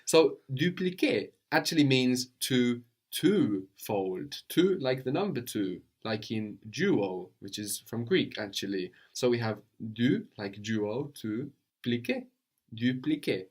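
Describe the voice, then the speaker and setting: A man teaching a language lesson, patient and probing, often checking with a quick "no?". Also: mid-range voice, expressive, a little mellow. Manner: patient, prompts with questions, tag "no?".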